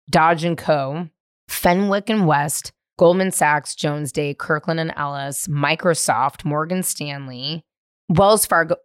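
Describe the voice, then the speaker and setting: A woman's voice: low-pitched, smooth, no room sound, clean studio sound. A woman in her thirties from San Francisco, hosting a solo podcast and telling a story from her teens at home, profane and rambling with lots of "like.". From San Francisco, USA. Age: 30s. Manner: profane, animated, rambling with many "like" fillers. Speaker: podcast host. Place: at home in the living room.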